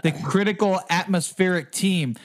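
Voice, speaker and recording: A man's voice: sits high, normal speed. A man in his thirties with kids, co-hosting a casual podcast, rambling and laughing as he stumbles over words. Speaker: podcast co-host. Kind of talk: casual banter.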